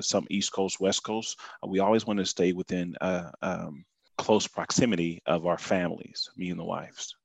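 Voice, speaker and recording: A man's voice: sits low, dry recording. A man with an Oklahoma accent, a podcast guest talking in an easygoing, folksy way. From Oklahoma City. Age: adult, married father. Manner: easygoing, folksy, uses y'all. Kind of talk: casual conversation.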